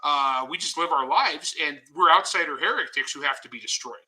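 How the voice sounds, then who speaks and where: A man, a guest author in a casual interview, telling stories in a blunt, animated way with some swearing. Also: on the high side, a little fast, rough recording.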